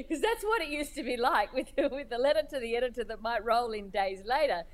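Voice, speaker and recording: A woman cartoonist being interviewed, speaking thoughtfully with many pauses, fillers and restarts. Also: a little high. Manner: hesitant, many restarts and fillers, laughs while telling stories.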